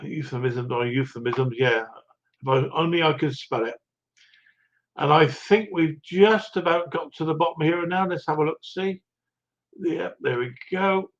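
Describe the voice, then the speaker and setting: On a livestream, an older host speaks a bit slowly in a voice on the high side, with the upper frequencies missing from the audio. He welcomes each viewer individually, chatting in a rambling, self-deprecating way punctuated by chuckles.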